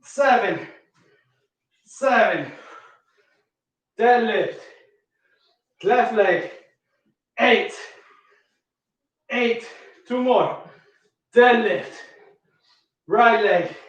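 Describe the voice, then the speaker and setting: Breathless fitness coach counting reps. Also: male voice, sits high, very slow, pauses often, fairly bright tone. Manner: counts reps aloud and calls out each movement. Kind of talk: workout follow-along counting reps. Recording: echoey room, far from mic.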